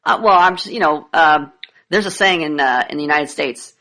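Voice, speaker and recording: A woman conducting a comedic interview, pushing with sarcastic, deadpan and provocative questions. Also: deep voice, moderate pace.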